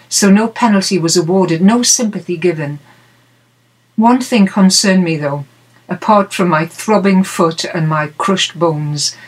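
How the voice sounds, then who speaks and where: A woman presenting a Christian music program, telling a personal story in a measured, earnest way. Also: on the low side, poor audio.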